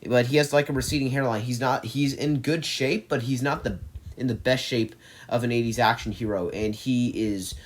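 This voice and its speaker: A man's voice: medium pitch, fairly even intonation, normal speed. A man hosting a movie channel, ranking his favorite films in a casual, enthusiastic and rambling way, with frequent restarts.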